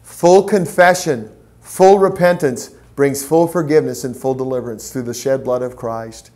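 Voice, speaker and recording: A man giving a training talk to volunteers, telling stories in a preacherly, animated way. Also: mid-range voice, moderate pace. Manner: preacherly, storytelling, lively acted quotes. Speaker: pro-life petition trainer.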